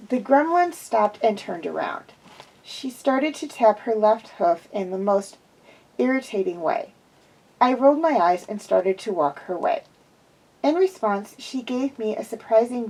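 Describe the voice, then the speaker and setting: A woman's voice: medium pitch, creaky, warm tone, breathy edge, low-quality recording. A woman reading a first-person fan fiction story aloud as an amateur storybook narrator who often slips and corrects herself. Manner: frequent slips and self-corrections.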